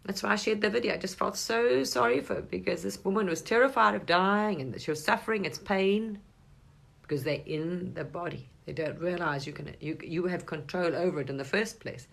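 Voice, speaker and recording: A woman giving a casual, rambling spiritual monologue to camera, talking animatedly and breaking into sudden high, excited bursts. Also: fairly quick, gravelly. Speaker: spiritual vlogger.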